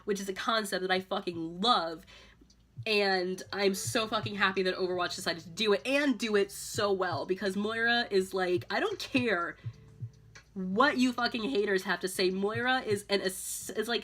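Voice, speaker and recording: A slightly tipsy woman chatting casually, rambling with lots of "like" and "um" and breaking into loud excited squeals. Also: mid-range voice, normal speed. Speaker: vlogger. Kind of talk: casual tipsy chat about a video game.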